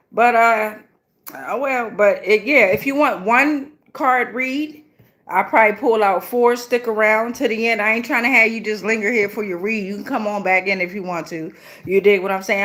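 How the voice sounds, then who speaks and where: A woman's voice: fairly high pitch, fairly bright tone. A woman doing a casual live tarot reading, blunt and chatty with a lot of profanity and slang. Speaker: tarot reader.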